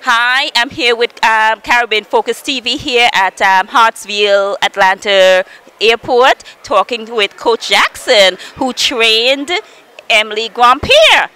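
A woman's voice: fairly high pitch, animated, takes it slowly, bright, forceful tone, clean tone, rough recording. A woman working as a TV interviewer on location at an airport, upbeat and friendly, laughing often. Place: airport arrivals area.

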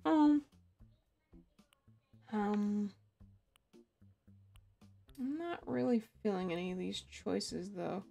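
A woman's voice: mid-range voice, very slow, creaky, pauses often, dark tone, faint music behind. A young woman streamer chatting casually with her viewers, giggling and laughing often. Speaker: game streamer. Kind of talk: casual live-stream chat.

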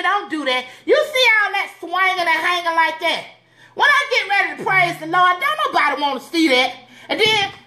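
A woman's voice: high-pitched, pushed and bright. A woman giving playful, sassy, preachy advice in a comedic skit, recorded indoors at home. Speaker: comedic church advice host.

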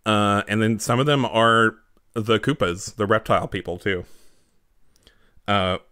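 A low-voiced man narrating a tabletop game as game master, halting with frequent fillers. The sound is dry and close. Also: bright, forceful tone, clean tone, no room sound. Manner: hesitant, filler-heavy narration.

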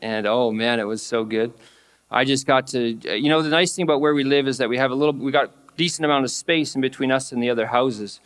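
A pastor preaching a sermon, excitable, laughing often and lifting his voice when he acts out prayers. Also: mid-range voice, quick pace.

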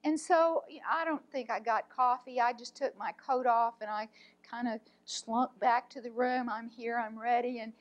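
A woman, an art teacher, telling a personal story in an earnest, heartfelt way, often speaking softly. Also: on the high side, steady tone, normal speed, highs cut off.

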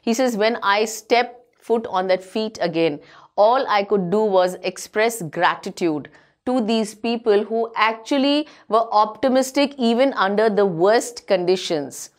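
A woman with an Indian English accent, an English teacher who reads a story aloud and explains it line by line, glossing words as she goes. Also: on the high side. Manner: reads a passage aloud, then paraphrases it line by line; glosses words with "as in" and "you know". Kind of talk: explaining a textbook chapter.

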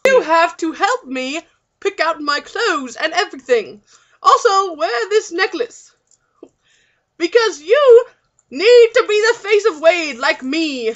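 A young woman voicing a smug, rich male British businessman in a shaky put-on British accent, loud and hammy. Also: very high voice, very animated, takes it slowly, muffled recording, voice pushed up, heavily acted. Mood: bossy. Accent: poor put-on British accent.

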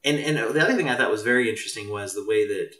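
A man's voice: fairly low pitch, racing, sharp tone, distant mic. A man, a mental health professional, talking thoughtfully as a guest in a casual discussion. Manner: thoughtful, meandering. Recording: roomy, off-mic.

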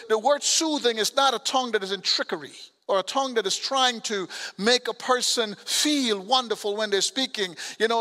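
A man's voice: very high voice, sharp tone. A male pastor with a foreign accent preaching a sermon, talking straight to the congregation in a loose, colloquial way. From abroad. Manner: preaching with call-outs to the congregation, colloquial asides. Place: church sanctuary. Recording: long church hall reverb.

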